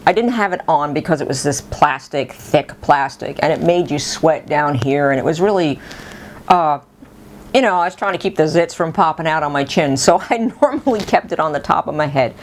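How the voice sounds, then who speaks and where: A middle-aged woman telling a personal story in a casual, animated way, laughing often. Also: sits low, moderate pace, slight background noise.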